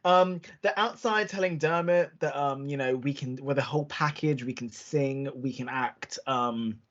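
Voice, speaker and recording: A young adult podcast co-host telling stories in an animated, casual way, acting out quotes and using lots of fillers. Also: medium pitch. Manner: animated storytelling, quick acted-out quotes, many fillers. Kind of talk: casual chat. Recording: dull lo-fi recording.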